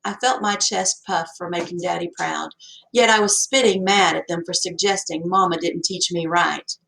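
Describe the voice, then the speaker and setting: A woman's voice: lowish voice, normal speed, vocal fry, poor audio. Woman narrating a folksy audiobook. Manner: folksy, storytelling, expressive. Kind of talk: scripted first-person narration.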